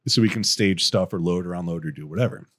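A man's voice: sits low, fast. Man, podcast co-host, casual storyteller, cursing freely, laughing mid-story. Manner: animated, profane, laughs through stories.

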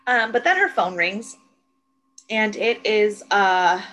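A woman's voice: mid-range voice, very animated, slow, a bit bright, poor audio. A woman co-hosting a podcast, chatting casually as she recaps TV scenes, swearing freely and acting out the lines she quotes. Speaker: podcast co-host.

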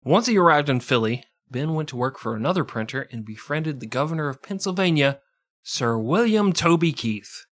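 A man's voice: a little high, lively intonation, brisk, few pauses, a bit bright. A man co-hosting a casual comedic history podcast, reading out the story and joking and laughing often. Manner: jokey, laughs often, slips into silly accents. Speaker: podcast co-host.

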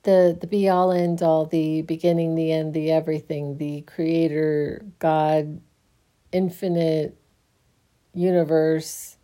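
A sleepy, yawning woman musing on faith in a halting, casual way, often restarting her sentences. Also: sits low, flat delivery. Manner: slow, halting, restarts often, soft laughs.

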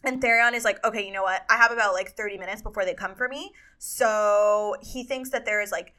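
A woman's voice: mid-range voice, steady tone, fairly quick, pushed and bright. A woman co-hosting a podcast, chatting casually about a book and retelling scenes with lots of fillers. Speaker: podcast co-host. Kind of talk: casual book-club chat.

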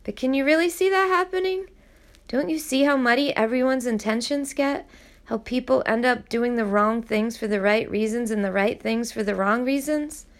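Brief: a woman doing a calm, blunt, world-weary man, level and measured, gravelly. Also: a little high, voice pushed up, lightly acted.

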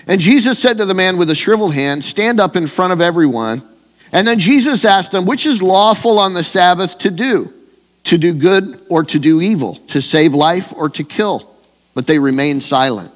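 A man's voice: high voice, lively intonation, moderate pace, long reverb tail. A man preaching a sermon in a conversational way, with fillers and restarts. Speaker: pastor.

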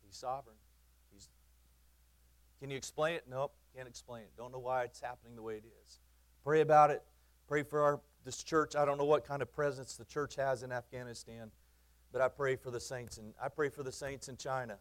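A male pastor preaches in a conversational sermon style, leaning on emphasis and often repeating or restarting his phrases. His voice sits at a middling pitch, and he throws in light, teasing asides to the people listening. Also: fairly even intonation, fairly quick.

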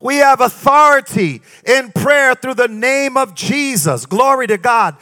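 A man's voice: very high-pitched, lively intonation, measured pace, sharp tone. A man preaching a sermon in a sing-song cadence, breaking often into exclamations of praise.

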